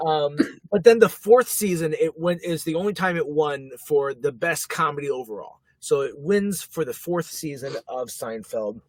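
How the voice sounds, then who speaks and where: A man co-hosting a podcast in casual chat, laughing often and filling pauses. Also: fairly high pitch, no room sound. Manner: chatty, laughs often, many fillers. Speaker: podcast co-host.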